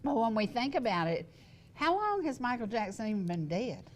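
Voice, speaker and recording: A woman's voice: on the high side, very animated, normal speed. Older woman, wheezy and stuffed up, chatty talk show host, laughs a lot. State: wheezy and congested. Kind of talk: casual chat. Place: TV studio set.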